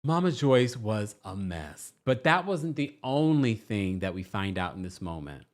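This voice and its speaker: A man's voice: on the low side, unhurried. A man hosting a casual recap podcast, talking animatedly and acting out what people said. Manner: animated, acts out quotes in voices, laughs often. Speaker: podcast host.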